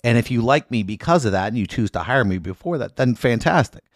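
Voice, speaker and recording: A man who's a lawyer guesting on a podcast tells comic stories in casual chat, speaking briskly at medium pitch. He's animated, acting out the people he quotes in loud voices, and the audio is studio quality with no room sound.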